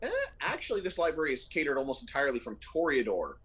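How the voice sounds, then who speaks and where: Husky-voiced man running a tabletop game. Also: mid-range voice, fast talker. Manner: descriptive, relaxed, uses fillers. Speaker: game master.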